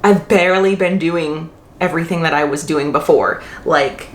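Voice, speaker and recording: A young woman vlogs casually about motherhood, rambling and correcting herself as she goes. Her voice sits a little low for a woman. The sound carries the echo of a bare room with a faint hiss underneath. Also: moderate pace. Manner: chatty, frequent fillers and self-corrections. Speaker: mom vlogger. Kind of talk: casual Q&A vlog.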